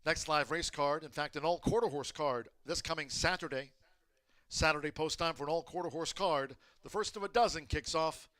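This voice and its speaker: A man announcing at a horse racetrack, reading official results and scratches in brisk, clipped phrases and calling the race. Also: fairly high pitch, fairly bright tone, no room sound. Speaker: track announcer.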